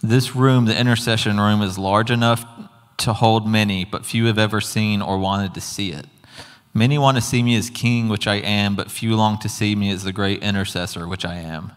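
A man's voice: on the low side, steady tone, normal speed, clean tone. A man giving an earnest, conversational sermon testimony with casual asides. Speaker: preacher. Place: church hall. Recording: long hall reverb.

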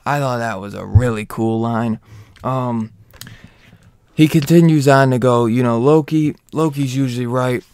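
A man casually recapping a comic book, rambling and excitable with lots of fillers. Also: medium pitch, measured pace, clear, resonant tone, no room sound, clean studio sound.

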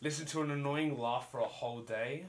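A man's voice: medium pitch, brisk. A young man hosting a casual chat, reading would-you-rather questions aloud, laughing often and swearing casually. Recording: echoey room, faint noise.

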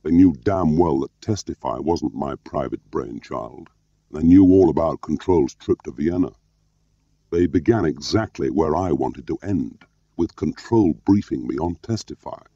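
A bitter, curt former spy in a storybook reading, barking his words and flaring into shouts, as a male narrator puts him on. The voice is very deep and gravelly with a dark tone. The recording is a little muffled and dry. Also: unhurried, dry recording, heavily acted. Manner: gruff, barking, rising to shouts. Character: embittered middle-aged male ex-spy, curt, angry.

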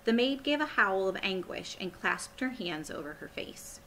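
A woman teacher reading a chapter book aloud to children in a friendly, clear way. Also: medium pitch, lively intonation, moderate pace, fairly bright tone, a little hiss or hum, rough recording. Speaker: elementary school teacher.

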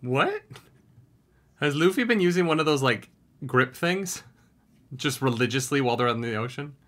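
A young man talks through an anime reaction with a bright, forceful voice. He is energetic and chatty, and he breaks into loud singing along with the theme. His voice sits at an everyday middle pitch. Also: moderate pace, a little hiss or hum. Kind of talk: casual reaction commentary. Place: home recording room.

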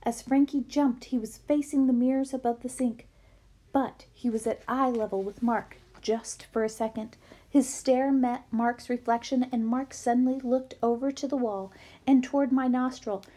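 A woman reading a children's novel aloud with lively storytelling. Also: fairly high pitch, moderate pace. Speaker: book reader.

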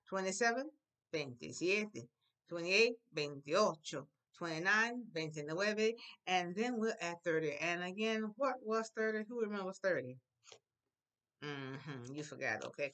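A woman teaching a Spanish class to young pupils, drilling numbers and colors with slow, exaggerated pronunciation and frequent prompts for the class to repeat. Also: on the low side, a bit bright. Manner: encouraging, prompting the class often. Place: school classroom.

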